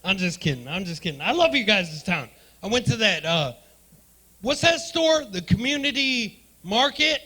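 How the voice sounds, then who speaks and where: Brash high-voiced comedian, bright and loud. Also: male voice, very animated, moderate pace. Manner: brash, profane crowd work. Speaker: stand-up comedian. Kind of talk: stand-up comedy set. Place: comedy club stage.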